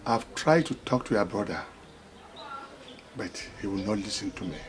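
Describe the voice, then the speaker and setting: A man's voice: on the low side, expressive, normal speed, lightly acted. An actor playing a remorseful father who pleads with his grown children, speaking with sudden emotional outbursts.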